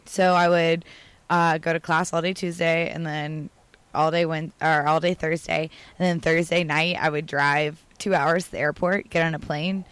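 A woman's voice: low-pitched, level tone, normal speed, a bit bright, clean tone, no room sound. A woman guest on a podcast, chatting casually and laughing often about her work. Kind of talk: casual interview chat.

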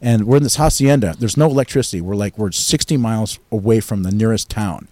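A man's voice: on the low side, fast talker, no room sound. A man telling a long, crude story on a podcast, acting out the other people's voices as he goes. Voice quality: crude, profane. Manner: animated storytelling, acts out quoted voices loudly. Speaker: guest storyteller. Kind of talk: casual podcast chat.

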